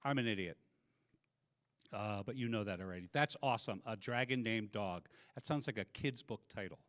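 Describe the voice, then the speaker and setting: Bright-voiced man doing stand-up. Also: lowish voice, normal speed, dry recording, clean studio sound. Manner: chatty crowd work, deadpan punchlines. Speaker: stand-up comedian. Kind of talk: stand-up comedy set. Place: convention comedy room.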